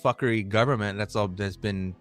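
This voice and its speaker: A man's voice: fairly low pitch, steady tone, fairly quick, faint music behind. A man co-hosting a casual chat, heated and rambling, swearing often as he presses his points. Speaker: podcast co-host.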